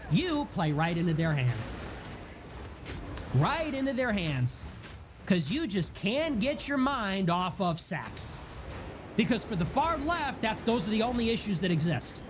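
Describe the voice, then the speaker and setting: A political streamer with a high voice delivers a heated monologue, stacking and repeating words in a building rhythm and breaking into profane outbursts. The audio is dull and lo-fi, with background noise.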